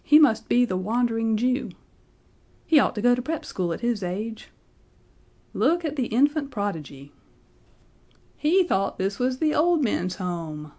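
A woman's voice: on the high side, big pitch swings, measured pace, pauses often, mellow, voice pushed up. A woman reading aloud, voicing a crowd of young male students with mocking taunts.

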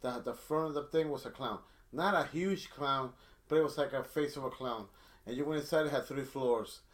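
A man's voice: medium pitch, normal speed. A middle-aged man telling a long story in casual chat, rambling with many restarts. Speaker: storyteller guest.

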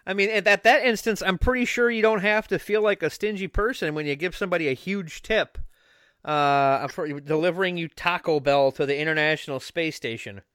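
A man hosting a podcast in casual chat, joking and sarcastic, with loud exclamations. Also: high voice, fairly quick, clear, resonant tone, no room sound, studio quality. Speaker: podcast host.

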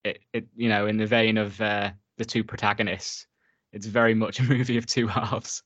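A man co-hosting a casual film review podcast, talking in a relaxed way and laughing often. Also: on the low side, moderate pace, dry recording, highs cut off. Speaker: podcast co-host.

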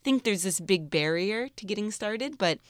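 A woman's voice: medium pitch, moderate pace, no room sound. Bubbly lady voice actor chatting, laughs a lot, dry mic. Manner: bubbly, laughs often, animated. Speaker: voice actor guest. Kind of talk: casual interview chat.

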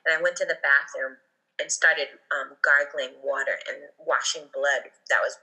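Woman guest, low-ish pitch, very bright edge, emotional storyteller, acts out dialogue. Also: fairly even intonation, moderate pace, rough recording. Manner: emotional, vivid retelling with quoted dialogue. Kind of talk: casual storytelling.

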